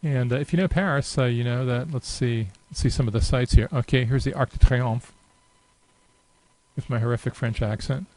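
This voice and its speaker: Relaxed and chatty, a man demos software over a screen share with no script, his ordinary mid-pitched voice dotted with filler pauses while he clicks. He takes his time throughout. Audio quality is low.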